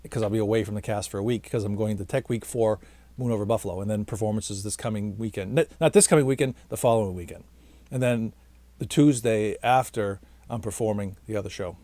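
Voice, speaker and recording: A tired man who vlogs and acts on stage rambles casually to camera, chatty and self-mocking, and keeps talking past his own sign-off. His voice is lowish and dark, he speaks fast, and there's no echo.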